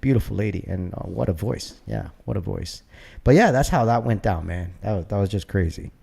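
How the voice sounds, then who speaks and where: A man in his fifties with a Canadian accent, a guest DJ telling stories in casual chat, animated and full of "man" and "you know". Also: lowish voice, brisk, creaky, slightly rough. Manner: animated storyteller, peppers talk with "man", "bro", "you know".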